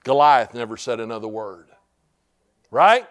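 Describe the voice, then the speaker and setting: A man preaching a fervent sermon as pastor, building to shouts and calling out "Amen?" to the congregation. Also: medium pitch, lively intonation, a little slow.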